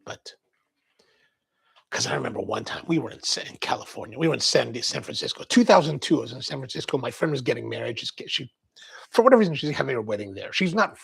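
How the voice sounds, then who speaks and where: A man's voice: mid-range voice, gravelly, a bit bright, husky. A man from Maryland hosting a coffee livestream, telling a rambling casual story and reading viewer comments. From Maryland, US East Coast. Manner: rambling storyteller, quotes people in voices, laughs.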